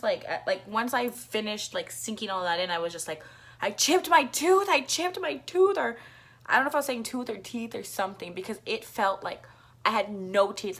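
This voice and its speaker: A woman tells a story to her vlog audience in a loose, rambling way. Her speech is thick with filler words and casual swearing, and she coughs now and then. Her voice sits at an ordinary middle pitch for a woman. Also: fairly bright tone. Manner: rambling, full of "like" fillers, profane. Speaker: vlogger.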